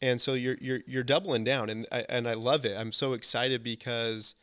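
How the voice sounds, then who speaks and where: A man hosts a podcast interview, chatting casually with eager enthusiasm, repeating words and tagging his points with "right?" again and again. His medium-pitched voice has fairly even intonation, normal speed, and a slightly bright, clean tone.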